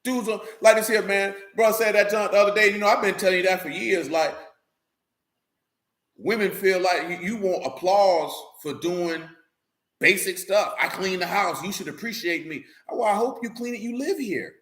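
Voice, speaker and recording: A man with a high-set voice delivers a casual, streetwise sermon. He speaks bluntly and keeps asking whether his listeners follow. The room around him rings with echo. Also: moderate pace, fairly bright tone. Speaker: preacher. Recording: roomy echo.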